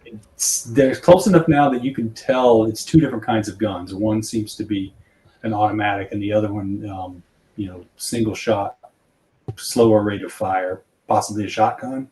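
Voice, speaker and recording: A man narrating as game master of a tabletop horror game, halting with many fillers. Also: on the low side, steady tone, darkish tone, slight background noise, poor audio.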